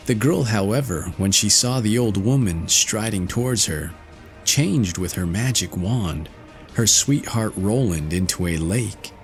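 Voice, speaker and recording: A man reads a fairy tale aloud, slow and expressive, his low voice swinging widely in pitch. There is a gravelly grain to his delivery, and soft music plays faintly behind him. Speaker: audiobook narrator. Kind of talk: storybook fairy tale narration.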